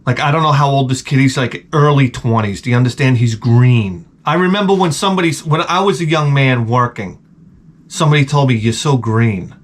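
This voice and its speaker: Guy ranting a funny story, cusses a lot, deadpan, mid pitch voice. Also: a little fast. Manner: rambling, profane, deadpan asides. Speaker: vlogger. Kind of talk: comic storytelling rant.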